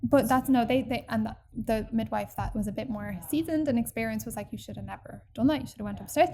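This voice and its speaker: Woman, fairly high voice, chatty, animated storyteller, casual podcast. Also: fast talker. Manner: chatty and animated, acts out quoted people, many fillers.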